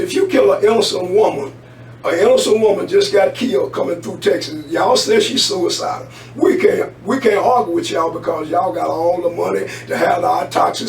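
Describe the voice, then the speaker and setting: A man co-hosting a talk radio show, delivering heated, preachy commentary and swearing freely. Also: high voice. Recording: roomy, distant mic with faint hum.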